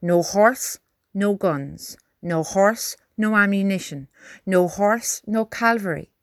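A man's voice: high voice, slow pace, dry recording, clean studio sound, voice pushed up. A woman doing an earnest young private. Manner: earnest, respectful. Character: earnest young male private, respectful and eager.

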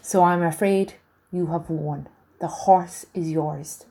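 Woman putting on a tired soldier, slow and careful, soft mellow tone. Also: lowish voice, fairly even intonation, husky, heavily acted. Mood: gentle. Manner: slow, careful, formal phrasing. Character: tall weary German soldier man, gentle, thoughtful.

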